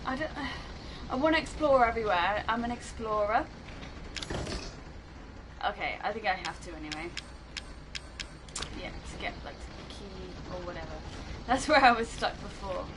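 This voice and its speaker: A woman's voice: mid-range voice, animated, normal speed, pauses often, background noise. A young woman giving horror game commentary, jumpy, muttering to herself and then bursting into shrieks. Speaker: gaming YouTuber.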